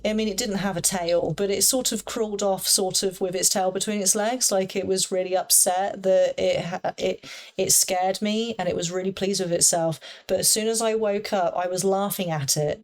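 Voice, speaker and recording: A woman's voice: medium pitch, a little mellow. A young woman casually telling a personal story in a chatty, rambling way full of fillers. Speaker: paranormal storyteller.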